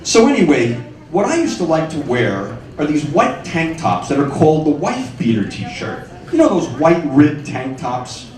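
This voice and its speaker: A man in his forties doing a stand-up set in a comedy club, wry and punchy, with sudden high squeals on his punchlines. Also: wildly swooping pitch, a little slow, a little mellow. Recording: echoey club sound from far off.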